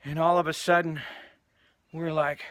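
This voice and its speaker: A man's voice: fairly high pitch, little pitch movement, moderate pace, fairly bright tone, dry recording. A man telling a casual anecdote, rambling with lots of fillers and restarts. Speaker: storyteller.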